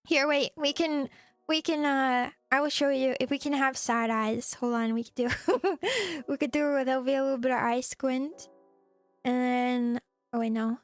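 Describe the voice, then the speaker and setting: A woman's voice: sits high, a little slow, dry recording. A woman streaming as a VTuber, chatting casually and playfully with viewers and giggling often. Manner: playful and giggly, cutesy teasing. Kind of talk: casual live-stream chat. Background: faint background music.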